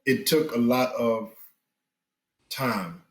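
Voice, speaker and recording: A man's voice: mid-range voice, very slow, reverberant, rough recording. Earnest man with preacher-like emphasis. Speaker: guest, spiritual father. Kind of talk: candid podcast conversation.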